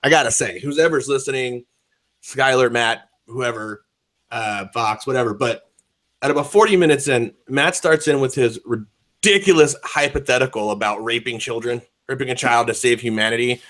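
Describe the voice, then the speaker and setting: A man's voice: medium pitch, moderate pace, a bit bright. A man co-hosting an online discussion show, rambling in casual chat with a lot of swearing and filler words. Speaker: podcast co-host.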